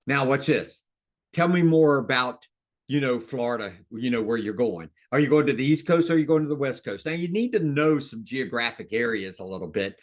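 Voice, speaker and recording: A man coaching real estate agents in a webinar, talking in an excited, fired-up way with big rises and drops in his voice. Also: brisk. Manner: excited, fired-up delivery with big swings in pitch and loudness.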